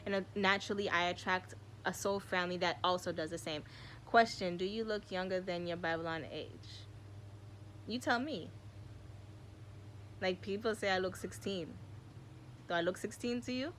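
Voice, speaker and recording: A woman's voice: lowish voice, fairly quick, fairly bright tone, slight background noise. Chatty young woman rambling to viewers. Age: 20s. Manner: chatty, rambling, emotional, uses y'all and like. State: tearful. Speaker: vlogger. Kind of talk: casual spiritual chat to viewers.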